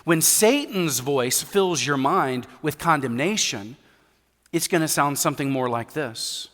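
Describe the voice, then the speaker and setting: A man's voice: a little high, lively intonation, measured pace, fairly bright tone. Emphatic male pastor, church echo. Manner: emphatic, repeats key points, light humor. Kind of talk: sermon. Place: church sanctuary. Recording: reverberant church hall.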